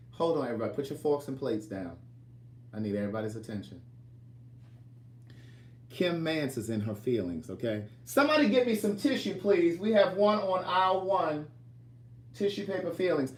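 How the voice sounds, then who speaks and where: A man talks casually to his livestream viewers while he cooks. His voice sits a touch high and swings up and down with lively energy. The home kitchen around him sounds roomy and echoey. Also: moderate pace. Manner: chatty, teasing, reads viewer comments aloud.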